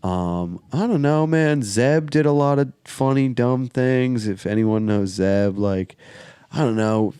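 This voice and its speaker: A man's voice: mid-range voice, slow, mellow, clean tone, no room sound. A man in his twenties telling stories in a casual chat, laid back and full of slang and fillers. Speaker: podcast guest. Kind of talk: casual storytelling.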